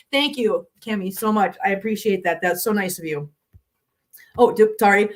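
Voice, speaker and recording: A woman's voice: mid-range voice, brisk, fairly bright tone. A middle-aged woman hosting a casual cat live stream from her home studio, chatting with viewers, answering the chat and laughing often.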